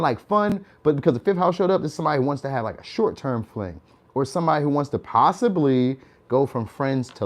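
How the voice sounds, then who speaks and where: Young male tarot reader with a mid-range voice. Loose, chatty delivery with frequent laughs. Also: mid-range voice. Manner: chatty, laughs often, tags lines with "all right?". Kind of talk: casual tarot reading.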